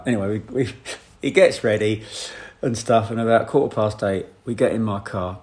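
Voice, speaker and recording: A man, a photographer, telling a rambling, animated anecdote with frequent laughs. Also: lowish voice, moderate pace. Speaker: photographer guest. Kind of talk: anecdote in casual chat.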